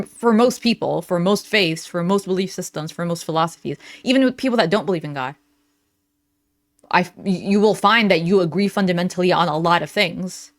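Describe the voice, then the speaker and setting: A young woman giving casual reaction commentary in a blunt, sarcastic, animated way. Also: fairly low pitch.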